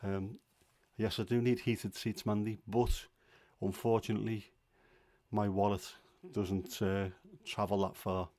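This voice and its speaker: A man's voice: lowish voice, level tone, unhurried, darkish tone. A middle-aged man hosting a livestream from home, chatting casually in a grumbling, self-deprecating way. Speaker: livestream host. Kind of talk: casual chat.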